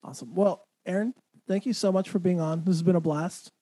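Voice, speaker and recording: A man's voice: sits high, brisk, dark tone, poor audio. A man hosting a podcast, chatting and telling a story in an easygoing way with small stammering restarts. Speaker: podcast host. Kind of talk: casual chat.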